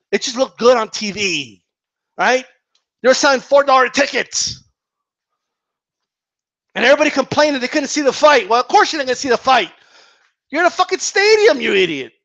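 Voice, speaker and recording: A man ranting about boxing in a sarcastic, animated way, swearing constantly and laughing often. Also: extremely high pitch, dry recording. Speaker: boxing commentator. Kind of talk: profane ranting monologue.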